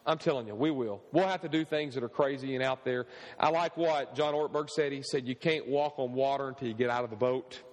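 In a church sanctuary with long hall reverb, a pastor with a mid-range voice preaches his sermon fairly quickly. He's animated, his delivery rising and falling, and he throws call-and-response questions to the congregation.

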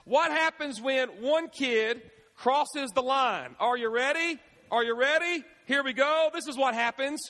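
Animated preacher, man, sharp tone, lots of call-and-response, roomy church reverb. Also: very high-pitched, measured pace. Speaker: pastor. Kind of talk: sermon. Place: church sanctuary. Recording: echoey church hall.

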